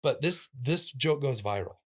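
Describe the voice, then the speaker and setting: A man, a comedian, telling stories in a casual interview, animated and acting out the voices of people he quotes with sudden jumps in pitch. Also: normal speed, husky. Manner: talks in restarts and fillers, lively physical-comic energy. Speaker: comedian guest.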